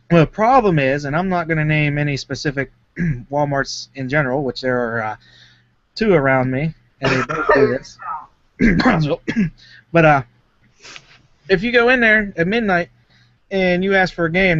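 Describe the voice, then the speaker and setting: A man's voice: a little high, a bit bright, no echo. Easygoing man on a dry lo-fi mic. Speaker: podcast co-host. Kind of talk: casual chat. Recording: dry, muffled lo-fi.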